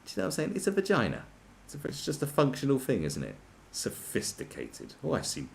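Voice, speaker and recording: A man's voice: mid-range voice, huge pitch swings, rapid-fire, gravelly, slight background noise. A man on a podcast, ranting crudely and sarcastically with many restarts and mocking asides. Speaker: podcast host. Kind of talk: crude comedic rant.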